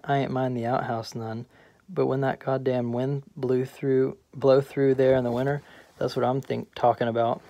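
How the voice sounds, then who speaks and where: Man reading relaxed middle-aged buddy, reminiscing, flat even voice, dry. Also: medium pitch, moderate pace, creaky, no echo, highs cut off, close to an everyday voice. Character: easygoing middle-aged male friend, Bono.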